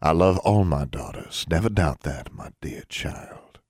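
A man voicing a calm, commanding older wizard father who speaks quietly and measured. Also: a bass voice, gravelly, no echo, clean studio sound, voice pushed down, exaggerated voice. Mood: gentle.

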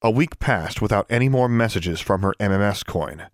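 Reading steadily and with measure, a male narrator delivers an audiobook in a lowish voice. The sound is clean studio audio with no room sound.

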